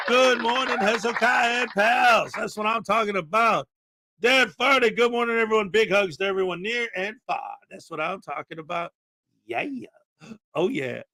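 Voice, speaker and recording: A man hosting a casual live stream, chatting loosely and greeting viewers, with rambling asides and sudden loud bursts of excitement. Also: high voice, noisy background. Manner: chatty and rambling, many fillers.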